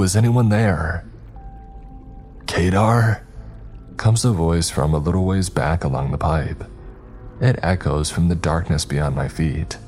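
A man's voice: a bass voice, warm tone. A man narrating a first-person horror story in a tense, dramatic manner.

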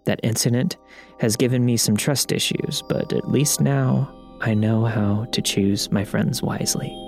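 A man narrating first-person stories as scripted narration, even and matter-of-fact. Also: medium pitch, unhurried, gravelly, music in the background. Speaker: story narrator.

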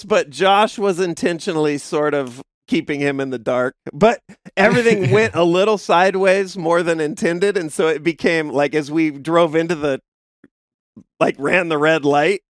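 A man's voice: moderate pace, no echo, studio quality. A man co-hosting a podcast, casually telling a wild story, laughing as he goes and acting out the people in it. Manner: animated storyteller, acts out quoted people with sudden high yelps; profane, laughs through his own stories. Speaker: podcast co-host.

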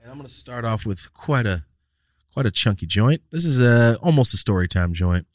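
A man's voice: mid-range voice, normal speed, dry recording, studio quality. Socal guy hosting a chill podcast, acts out what people said, voice swings all over. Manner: animated storyteller, acts out quotes. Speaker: podcast host. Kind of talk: casual chat.

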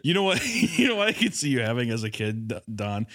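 A man's voice: mid-range voice, big pitch swings, a little fast, fairly bright tone, dry recording, clean studio sound. A man hosting a podcast in casual chat, rambling and teasing his friends with frequent laughter and swearing. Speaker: podcast host.

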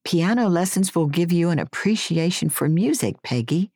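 A woman's voice: fairly low pitch, animated, moderate pace, darkish tone, breathy edge, dry recording, clean studio sound, voice pushed up. A woman reading aloud voices her own mother, who insistently lectures her daughter about piano lessons. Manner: preachy, repeats herself.

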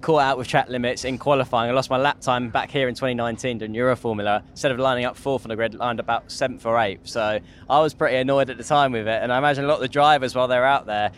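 Young male driver guest, talks fast and rambles, faint rumble behind. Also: steady tone. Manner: rapid, rambling, many restarts. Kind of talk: casual trackside chat. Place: outdoors in a racing paddock.

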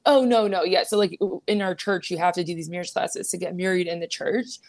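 A woman's voice: on the low side, steady tone, brisk, creaky. A woman co-hosting a podcast, chatting casually and laughing easily as she tells stories. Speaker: podcast co-host. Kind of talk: casual chat.

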